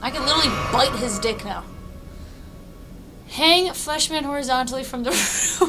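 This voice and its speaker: A woman's voice: high voice, normal speed, music in the background, low-quality recording. A woman streaming a video game from her apartment, chatting casually, laughing often and swearing freely as she thinks aloud. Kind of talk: casual live-stream chat while playing. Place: apartment room.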